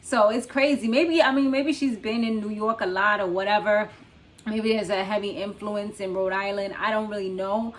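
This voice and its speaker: A woman's voice: mid-range voice, steady tone, moderate pace. A young woman hosting her own channel, recapping a reality show in a chatty, loose way, full of fillers and frequent laughs. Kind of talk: casual recap commentary.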